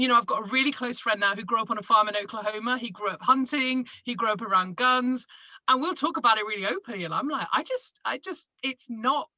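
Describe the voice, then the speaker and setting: A woman from Manchester in Northern England, a podcaster and broadcaster, chats as an interview guest in a high-ish voice. She's an animated storyteller, acting out quoted lines and laughing. The recording is rough, with no room sound.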